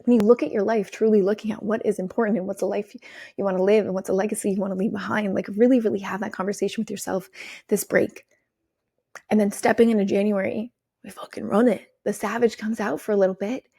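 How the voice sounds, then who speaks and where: Gravelly, hyped-up woman podcaster. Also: mid-range voice, fast, dry recording, clean studio sound. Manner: energetic, swearing, pep-talk delivery. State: out of breath. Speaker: podcast host and business coach. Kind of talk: solo podcast monologue.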